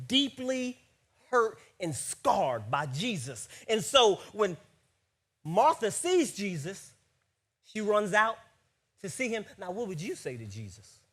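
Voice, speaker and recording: A man preaching a sermon as pastor, animated and often checking in with listeners with a quick question. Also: high voice, husky. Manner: animated, keeps checking in with the audience with "right?".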